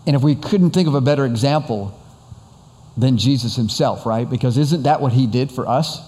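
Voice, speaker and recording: A man's voice: mid-range voice, normal speed, mellow, long reverb tail. A man preaching a sermon as pastor, earnest and conversational, often repeating and stressing words.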